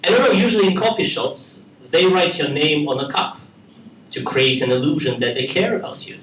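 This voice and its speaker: A man with a Russian accent performing stand-up comedy for a live audience, with a deadpan delivery. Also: fairly high pitch, brisk, echoey room, recorded from a distance, a little hiss or hum, low-quality recording. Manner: deadpan delivery, with acted-out character voices. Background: audience laughter.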